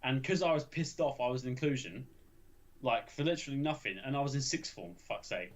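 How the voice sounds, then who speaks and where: A man's voice: medium pitch, fairly quick, muffled recording. Young man, rambling and sweary. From England. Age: young adult. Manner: swearing, rambling storytelling with many restarts. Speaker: podcast co-host. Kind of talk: casual chat.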